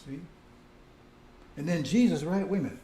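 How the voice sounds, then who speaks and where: A man's voice: on the high side, normal speed, warm tone. A man preacher giving a rambling sermon who keeps asking his listeners "see?" and "right?" and calls them brothers and sisters. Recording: roomy echo.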